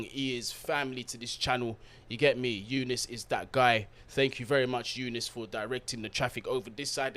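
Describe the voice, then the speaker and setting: A man hosting a live football watch-along, reading out viewers' comments and giving them shout-outs in an upbeat, slangy way. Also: medium pitch. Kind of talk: live-stream chat.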